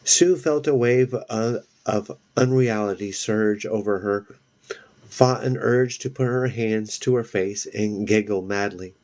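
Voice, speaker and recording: A man reads a novel aloud in a low voice. He takes it slowly, stumbling and restarting on words here and there. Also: a little mellow. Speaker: reader.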